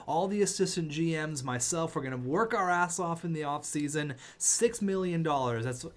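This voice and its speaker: A man's voice: on the high side, moderate pace. Exasperated man commentating a hockey game. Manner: exasperated, sarcastic, swings from groans to outbursts. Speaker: gaming YouTuber.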